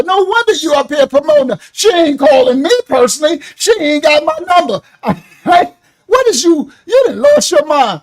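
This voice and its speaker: A man hosting a livestream, reacting to clips loudly and laughing often into his own microphone. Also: extremely high pitch. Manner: animated, loud, laughs often. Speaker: livestream host. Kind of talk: live reaction commentary.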